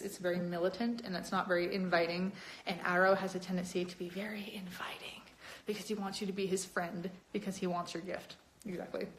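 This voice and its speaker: A young adult woman chatting casually on a live stream, talking with viewers in an animated, lively way. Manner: chatty and animated, with many upward pitch jumps. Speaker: cosplayer hosting a live stream.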